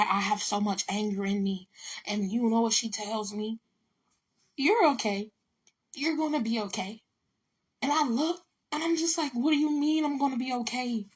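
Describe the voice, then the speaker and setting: A woman's voice: mid-range voice, fairly bright tone. A woman in telling a personal story to camera, blunt and emotional, swearing freely and repeating her words.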